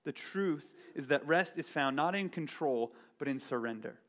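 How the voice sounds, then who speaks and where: A pastor gives a conversational, self-deprecating sermon, telling a story about himself and frequently checking in with "right?" His voice is fairly high, animated and a bit bright, at a moderate pace.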